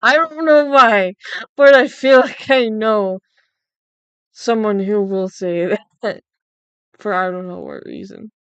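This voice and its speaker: A woman's voice: medium pitch, takes it slowly, long pauses, clear, resonant tone, no room sound, muffled recording. A young woman livestreamer chatting casually, incredulous and swearing freely. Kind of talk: casual chat while drawing.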